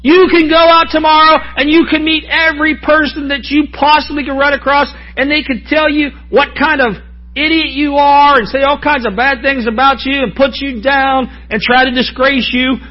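A man's voice: very high-pitched, flat delivery, normal speed, muffled recording. A man preaching a sermon in a folksy, joking way, often calling out to the congregation for an amen. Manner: folksy, joking, asks the crowd for amens.

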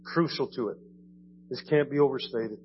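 A man's voice: medium pitch, normal speed, muffled recording, a little hiss or hum. A man preaching a sermon in a church in a conversational way, often asking "right?" and repeating his words. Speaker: pastor. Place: church sanctuary.

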